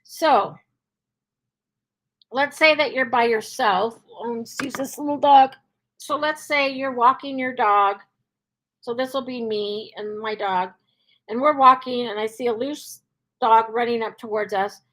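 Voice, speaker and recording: A woman's voice: fairly high pitch, a little slow, bright, forceful tone. A woman dog trainer answering questions in a live Q&A, chatty, with many fillers, acting out cheerful cues. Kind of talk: live Q&A advice.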